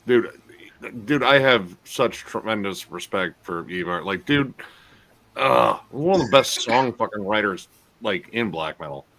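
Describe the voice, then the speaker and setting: A man's voice: lowish voice, expressive, a little slow, fairly bright tone. A man in casual chat on a stream, teasing the host in a laid-back way and swearing casually.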